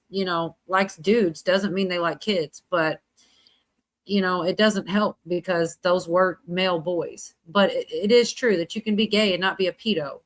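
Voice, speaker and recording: A woman's voice: on the low side, a bit bright. Chatty woman hosting a livestream. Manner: rambling, chatty, laughs often. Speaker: livestream host. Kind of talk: casual chat.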